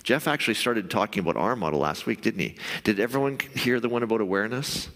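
A male pastor giving a conversational sermon, now and then acting out the voice in your head in a higher, pushier tone. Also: animated, quick pace, a bit bright, in a large hall. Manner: conversational, acts out inner voices in a raised pitch.

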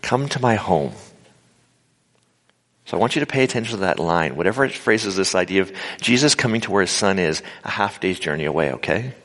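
A man's voice: low voice, expressive, quick pace, hardly any pauses, fairly bright tone. A man preaching an informal sermon to a live audience, acting out quotes and making humorous asides. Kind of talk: conversational sermon. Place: large hall with a live audience. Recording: live sermon in a reverberant hall.

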